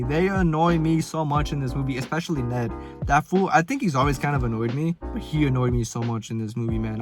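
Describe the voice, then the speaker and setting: A young adult man ranting casually about movies, swearing a lot and using heavy slang. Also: a little high. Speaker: film vlogger. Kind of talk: casual film ranking rant. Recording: background music under the voice.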